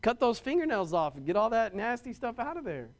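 A middle-aged pastor preaches in an emphatic, driving style. He repeats words as he builds his points and rises to loud stresses. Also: extremely high pitch, big pitch swings, a little fast. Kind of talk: sermon.

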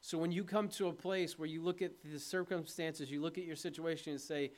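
Male pastor with a high voice, preaching an earnest, plain-spoken sermon and asking his congregation questions. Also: steady tone, a little fast, few pauses. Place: church.

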